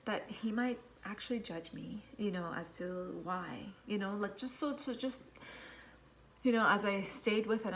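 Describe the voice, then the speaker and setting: A woman talks reflectively to her vlog audience in an easy, meandering way. She fills her pauses with soft "um"s and "you know"s as she gathers her thoughts. Faint background noise sits under her voice. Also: medium pitch. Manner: thoughtful, rambling, many fillers. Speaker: vlogger, mother of young kids. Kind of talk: casual reflective talk to camera.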